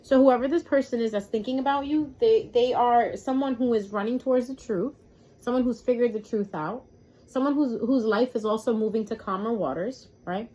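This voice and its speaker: A woman in a casual, chatty tarot reading, talking straight to her viewers and getting excitable, recorded at home. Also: fairly high pitch, normal speed. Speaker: tarot reader.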